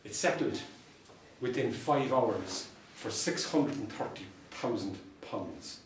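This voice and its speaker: A man's voice: medium pitch, takes it slowly, a little hiss or hum. Irish man telling dry-humoured stories from afar. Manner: storytelling with dry humour and repeated punchlines. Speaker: solicitor and mediator giving a talk. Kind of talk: anecdotal presentation to a professional audience. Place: meeting room. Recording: distant mic in an echoey room.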